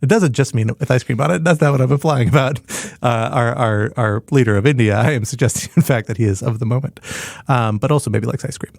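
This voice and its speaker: Gravelly-voiced man running a podcast. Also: medium pitch, fast, darkish tone, no echo, studio quality. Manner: playful, punning topic rundown. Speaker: podcast co-host. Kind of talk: casual panel discussion.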